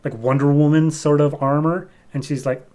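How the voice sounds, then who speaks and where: A man hosting a podcast, casually recapping a comic issue with lots of "like" and "um", and putting on higher voices for the characters he quotes. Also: steady tone, moderate pace, a little mellow. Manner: chatty, loose with lots of "like" and "um", voices quoted characters with raised pitch. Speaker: podcast host.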